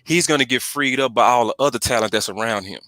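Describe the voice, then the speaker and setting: A man hosting a relaxed sports podcast, leaning hard on his points and repeating them to drive them home. His voice is bright and forceful, and the room is dry and close with no echo. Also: medium pitch, fast talker. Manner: emphatic, repeats points for stress. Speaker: podcast host. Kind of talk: casual sports chat.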